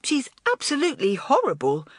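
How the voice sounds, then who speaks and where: A woman voicing a hot-headed, excitable schoolgirl who talks in an eager, impulsive rush. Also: sits high, a little fast, breathy edge, dry recording, studio quality, pitched above the performer's own voice, full character voice. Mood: indignant.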